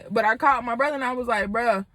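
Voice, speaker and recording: A woman in her twenties tells a personal story straight to the camera. She is candid and animated, with plenty of fillers. Her voice sits a little high, and the recording is dry and close. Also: fast, no room sound. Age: 20s. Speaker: vlogger.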